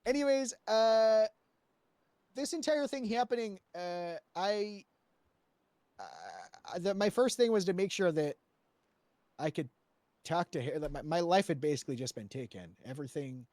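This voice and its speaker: A man's voice: sits high, expressive, a little slow, pauses often, darkish tone, no room sound. A man recounting a roleplay story to a panel, rambling with lots of fillers and restarts and swearing freely.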